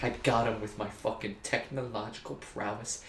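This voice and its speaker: A man's voice: fairly low pitch, steady tone, brisk, fairly bright tone. A young man chatting casually while playing a video game, goofy and rambling, with lots of swearing. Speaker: let's play host. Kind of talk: casual gaming chat. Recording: roomy echo with faint ambient noise.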